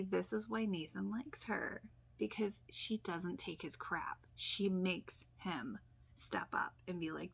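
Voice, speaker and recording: A woman hosting a casual TV rewatch reaction, chatty and full of fillers, often sinking into soft near-whispers and laughing often. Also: low-pitched, gravelly, breathy edge. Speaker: YouTube reaction host.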